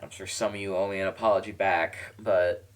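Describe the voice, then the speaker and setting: A man streamer giving a tearful, halting farewell monologue, apologizing and repeating himself. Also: low voice, fairly even intonation.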